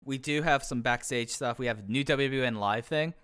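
A man's voice: mid-range voice, a little fast, a bit bright, clear, resonant tone, no room sound, studio quality. A man co-hosting a casual wrestling review podcast, easygoing and self-deprecating with rambling thoughts. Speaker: podcast co-host.

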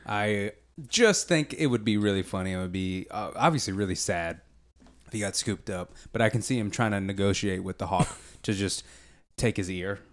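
A man's voice: on the low side, moderate pace. A man co-hosting a podcast, chatting casually and joking with frequent laughs. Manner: animated, jokey, laughs often. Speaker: podcast co-host. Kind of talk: casual chat.

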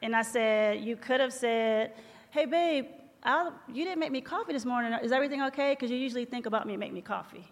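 A woman's voice: a little high, a little fast. A woman co-hosting a live podcast, playfully telling her side of a story with laughter. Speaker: podcast co-host. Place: live tour venue. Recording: hall reverb with faint room noise.

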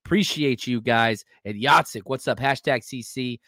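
A man's voice: medium pitch, moderate pace, sharp tone, dry recording, clean studio sound. A man hosting a live sports podcast, talking loosely and energetically while reading chat comments aloud. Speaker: podcast host.

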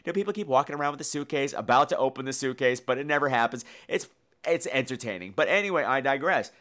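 A man hosting a podcast, retelling a horror film in a campy, animated way. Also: medium pitch, quick pace. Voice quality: campy, animated storytelling with acted-out voices. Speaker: podcast host. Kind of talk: casual film review podcast.

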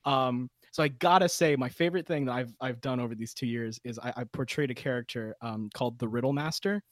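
Young male podcast guest, casual and laughing, mid-pitched voice, dry close recording. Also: fairly quick, dry recording. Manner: chatty, laughing, many restarts. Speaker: podcast guest, game master. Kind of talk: casual chat.

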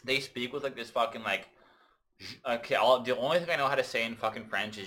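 Brief: male comedian guest from Canada, low-ish voice, rambling profane stories on a podcast mic. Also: fairly even intonation, racing, fairly bright tone. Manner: rambling, profane storytelling with many restarts. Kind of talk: casual podcast chat.

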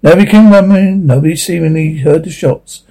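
Guy reading a story out loud, trips over words, husky mellow voice. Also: on the high side, fairly quick, poor audio. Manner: stumbling reading with restarts. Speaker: narrator.

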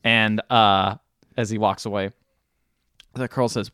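A man's voice: on the low side, steady tone, pushed and bright, clear, resonant tone, dry recording, studio quality. A man co-hosting a podcast, recapping a film's plot in casual chat and briefly doing the characters' voices. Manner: acts out characters' lines in quick impressions. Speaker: podcast co-host.

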